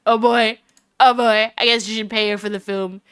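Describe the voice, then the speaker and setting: A woman's voice: a little high, flat delivery, moderate pace, a bit bright, clean tone, pitched below the performer's own voice, natural voice. A woman voicing a cheerful, teasing young woman sidekick in game dialogue.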